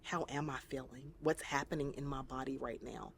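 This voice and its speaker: A woman's voice: rumbling low, moderate pace, gravelly, husky, no echo. A woman therapist guesting on an interview, talking earnestly and reflectively and sometimes acting out the voices she quotes. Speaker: trauma-focused therapist, guest.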